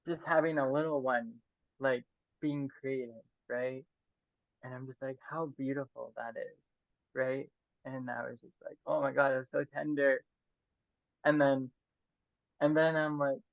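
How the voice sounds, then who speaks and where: A man's voice: medium pitch, vocal fry, dry recording. A man in a casual, reflective monologue, rambling earnestly and heartfelt, filling each phrase with "like". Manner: rambling, fills every phrase with "like"; earnest and heartfelt, soft-spoken. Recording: tinny dry phone-like audio.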